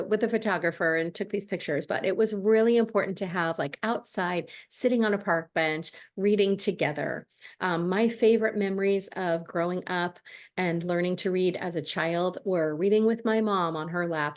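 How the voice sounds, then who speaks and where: A woman who tutors reading, talking casually to camera with lots of ums and restarts. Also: lowish voice. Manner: chatty, friendly, many ums and restarts. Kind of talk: casual advice talk to camera.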